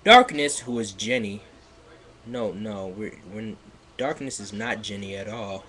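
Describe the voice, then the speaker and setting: A man on a livestream reading fan fiction aloud in a mocking dramatic way, sarcastic, with loud outbursts and laughter, sounding a bit stuffy. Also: lowish voice, steady tone, a little slow. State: slightly stuffy.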